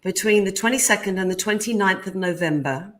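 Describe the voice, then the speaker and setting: A woman with a British accent, a guest answering questions in a friendly, measured way over a video call. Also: mid-range voice, a bit bright. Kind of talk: casual interview.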